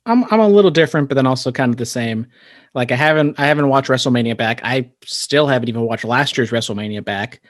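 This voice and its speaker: A man from California co-hosting a casual podcast, measured and a little skeptical, pausing to find his words. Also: mid-range voice, dry recording, clean studio sound. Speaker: podcast co-host.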